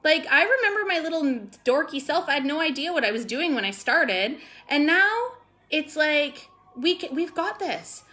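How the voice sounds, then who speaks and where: A woman's voice: sits high, sing-song, normal speed, sharp tone. A woman vlogging casually to her business team, gushing and rambling with lots of "like" and "totally", sometimes close to tears. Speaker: network marketing vlogger. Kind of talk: casual motivational vlog.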